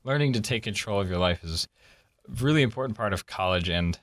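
A young man hosting a casual college podcast, relaxed and rambling with lots of fillers. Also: on the low side, fairly quick, no room sound, studio quality. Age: young adult. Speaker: podcast host. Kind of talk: casual chat. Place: college campus.

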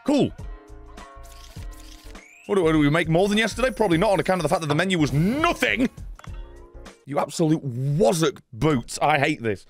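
A man in his thirties narrates his gameplay live, swearing and ranting at everything on screen. His voice sits a little high and swings wildly up and down as his frustration builds. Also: sing-song, normal speed, pauses often, faint music behind. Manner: sweary, exasperated ranting at the game. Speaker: gaming streamer. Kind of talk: live game commentary.

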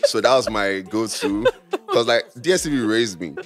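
Deep-voiced young Nigerian man, candid. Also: expressive, normal speed, fairly bright tone. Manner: candid, laughing, acts out his own past thoughts. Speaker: podcast guest. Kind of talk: casual podcast chat.

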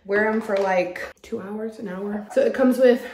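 A woman's voice: medium pitch, moderate pace, background noise. A young woman casually vlogging at home to camera, chatty and giggly, full of "like" and "um". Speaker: lifestyle vlogger. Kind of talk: casual vlog chat to camera. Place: at home, bedroom.

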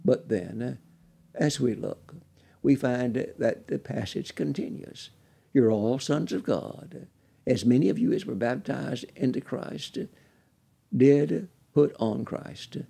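A man's voice: mid-range voice, takes it slowly, vocal fry, mellow, husky. A man preaching a sermon, quoting scripture and building with dramatic rises in his delivery.

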